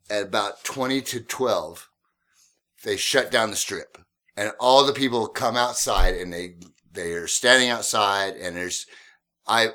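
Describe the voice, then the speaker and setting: A man telling a casual story about his days driving a cab, laughing often and acting out the people in it. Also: fairly low pitch. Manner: animated, laughs often, acts out quoted voices. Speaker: podcast guest telling cab stories.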